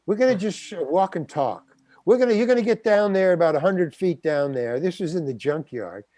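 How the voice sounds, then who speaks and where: A man's voice: high voice, animated, brisk, mellow, dry recording. An older man, a guest actor, telling a story in an interview and acting out the quotes. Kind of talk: anecdotal storytelling.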